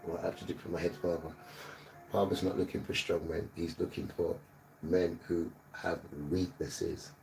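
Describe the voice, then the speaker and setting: A man's voice: deep voice, warm tone, far from the mic. A man preaching on a livestream, emphatic and repetitive, sometimes scolding his listeners. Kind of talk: livestreamed sermon.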